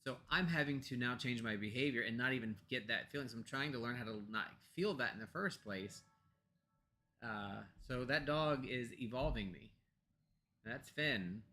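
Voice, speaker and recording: A man's voice: medium pitch, moderate pace. An American man co-hosting a pagan discussion show, talking casually at his home computer with many fillers and restarts, and now and then turning aside to his pets. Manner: talks softly to pets off to the side. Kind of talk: casual chat.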